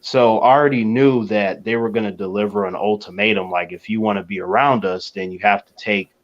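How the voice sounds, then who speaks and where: A low-voiced man tells a long story on a casual talk panel, easygoing and measured, dropping soft fillers as he goes. The sound comes through dull and lo-fi. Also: steady tone.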